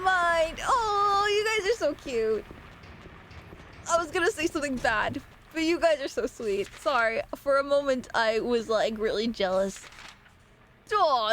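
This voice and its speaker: A young adult woman streamer chats casually and jokily while gaming, rambling animatedly from one thought to the next. Her voice is medium-pitched, and the poor audio carries a little hiss or hum.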